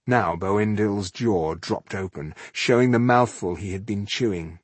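A man narrating a fantasy novel in a steady, measured reading, with a husky voice. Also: fairly low pitch, dry recording. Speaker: audiobook narrator.

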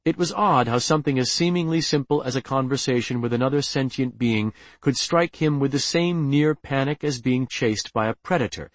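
A man reads an audiobook aloud in a measured, even storytelling voice. His pitch sits in the middle for a man, and the sound is close and dry. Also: no echo. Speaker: audiobook narrator. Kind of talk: scripted narration.

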